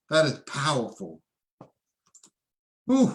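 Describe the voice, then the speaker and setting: A man presenting at a live online event, excitable and preachy, calling on viewers to answer in the chat. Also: medium pitch, normal speed. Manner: excitable, preachy, calls for audience responses.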